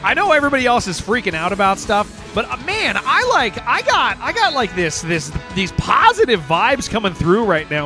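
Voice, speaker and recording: A man streaming games and chatting casually with viewers, excitable and rambling, saying "man" and "dude" all the time. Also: high-pitched, normal speed, hardly any pauses, soft background music. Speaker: game streamer. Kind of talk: casual livestream chat with viewers.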